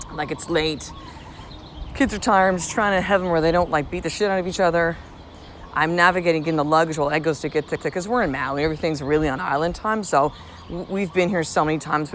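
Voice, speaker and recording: A woman's voice: deep voice, fairly bright tone, slight background noise. A woman in her thirties hosting a solo podcast in a casual monologue, blunt and profane, telling stories with lots of animation. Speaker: podcast host.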